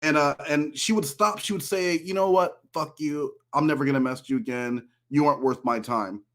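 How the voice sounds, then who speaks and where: A man telling a long story in casual podcast chat, turning animated whenever he quotes someone. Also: on the high side, brisk. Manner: storytelling, animated when quoting an ex. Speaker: podcast guest.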